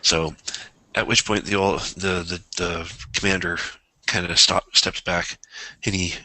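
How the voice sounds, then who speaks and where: A man's voice: deep voice, a little slow, dry recording, rough recording. A man narrating a tabletop game as game master, telling the story with lots of restarts and asides. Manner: rambling, animated storyteller with frequent restarts.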